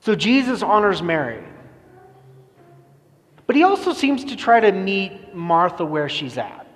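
A male pastor with a slightly high voice gives a loose, conversational sermon, full of fillers and restarts. He jokes about himself easily. His voice rings out with a long reverb, as in a big church hall. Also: very animated, a little slow. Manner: casual, self-deprecating, many fillers and restarts.

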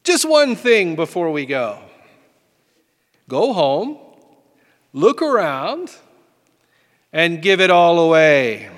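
A man voicing Jesus as a kindly teacher who gently teases, in a folksy manner, during a sermon. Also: big pitch swings, takes it slowly, long pauses, big-room sound. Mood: cheerful urging. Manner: higher, louder folksy voice.

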